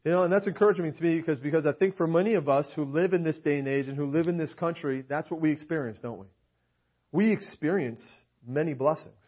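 Guy preaching in a church, slightly high voice, keeps going "right?", dull lo-fi sound. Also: quick pace, breathy edge. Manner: rhetorical, keeps asking "right?"; emphatic, rises when reading scripture. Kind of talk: sermon. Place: church meeting hall. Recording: dull lo-fi recording.

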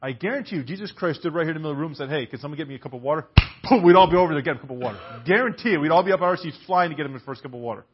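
A man's voice: on the high side, animated, very fast, hardly any pauses, breathy edge. A man preaching a sermon in a church, emphatic and full of rhetorical questions, on a dull lo-fi recording.

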